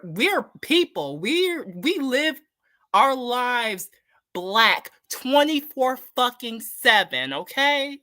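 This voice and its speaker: Woman, bright voice, blunt and heated, profane, casual commentary rant, dry close mic. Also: medium pitch, no echo. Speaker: commentary streamer. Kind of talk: casual opinion rant reading chat.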